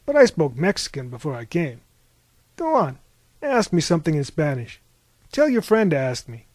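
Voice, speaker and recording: A brash young American backpacker, as a male narrator plays him, loud and pleased with himself, mangling his Spanish with total confidence. His voice sits a little high and is recorded close and dry, with no room sound. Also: sing-song, normal speed, no room sound. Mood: boastful.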